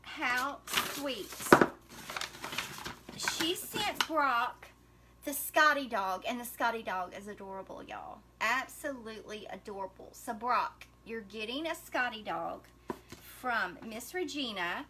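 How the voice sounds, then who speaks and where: A woman's voice: fairly high pitch, animated, slow, bright, forceful tone, a little hiss or hum. A middle-aged woman, hosting a casual craft livestream and gushing to her viewers as she unpacks gifts. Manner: gushing, chatty, addresses viewers as y'all.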